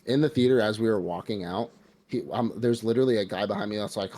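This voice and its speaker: An American man with a fairly low voice recaps a movie on a casual podcast. He talks animatedly, fills his sentences with "like," and jumps into quoted lines of the characters as he goes. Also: quick pace. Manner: animated retelling with acted quotes, heavy filler "like". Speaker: podcast co-host. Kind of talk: casual podcast review chat.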